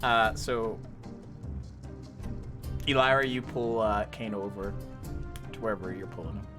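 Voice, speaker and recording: A man's voice: on the low side, a little slow, over music. Laid-back man running the game. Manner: laid-back, hesitant with fillers. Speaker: game master. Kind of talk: narrating a tabletop game.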